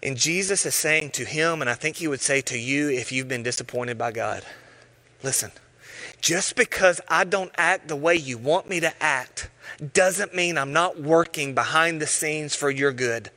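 A man preaching a sermon, telling stories with animated voices and sometimes dropping to a hush. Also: fairly high pitch, moderate pace. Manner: animated storytelling, acting out voices, dropping to hushed tones. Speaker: pastor.

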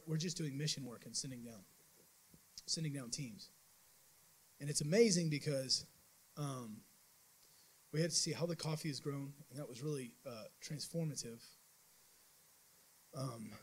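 A man with a somewhat high, husky voice gives a mission trip report to his church. He tells it as a loose, animated story, restarting sentences often. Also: rough recording. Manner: animated storytelling with many restarts and acted-out quotes. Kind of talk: informal sermon testimony.

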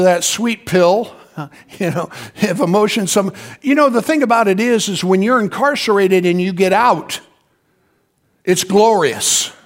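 A male pastor delivering a sermon as a conversational story, often calling on the congregation to respond. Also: sits high.

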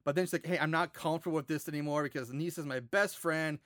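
A man with a high, bright voice co-hosts a casual movie podcast and walks through the plot in an animated, cursing way. He laughs easily and keeps the retelling loose. The sound is dry and close. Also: fast, dry recording. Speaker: podcast co-host. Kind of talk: casual movie recap chat.

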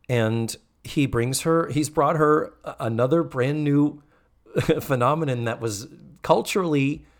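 A man hosting a podcast, chatting casually about a TV episode, laughing often and acting out quotes. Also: on the high side. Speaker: podcast host. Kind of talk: casual chat recapping a TV episode.

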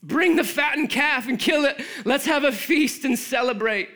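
A man voicing an overjoyed elderly father who calls out commands to welcome his lost son home. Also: normal speed. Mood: joyful. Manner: excited, exclaiming commands in a raised high voice. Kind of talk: dramatic scripture reading in a sermon.

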